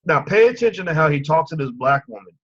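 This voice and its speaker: A man giving profane, heated live-streamed commentary that swings between calm asides and angry outbursts. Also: on the high side, quick pace, slightly rough. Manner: animated, profane ranting. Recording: muffled lo-fi stream audio.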